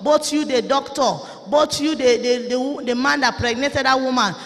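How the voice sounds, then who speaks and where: A Nigerian woman preaches a fiery sermon in a very high, piercing voice. She is forceful and often breaks into shouting. A long hall reverb trails every word. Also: fairly even intonation, normal speed.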